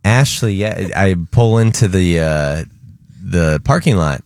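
A man's voice: deep voice, lively intonation, darkish tone, no room sound, clean studio sound. Breezy man hosting a radio show. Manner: breezy, jokey, quick asides. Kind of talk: casual chat, radio promos.

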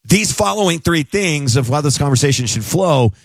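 A male talk radio host arguing his point in an emphatic, conversational way. His pitch swings widely as he presses on. The studio sound is dry and close. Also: animated, normal speed, creaky, no echo.

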